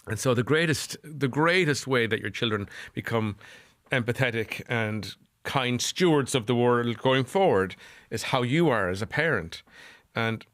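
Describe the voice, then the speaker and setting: A man's voice: mid-range voice, measured pace, fairly bright tone, dry recording, clean studio sound. A middle-aged Irish man speaking as a psychotherapist guest on a podcast, earnest and repeating phrases for emphasis. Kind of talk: podcast interview.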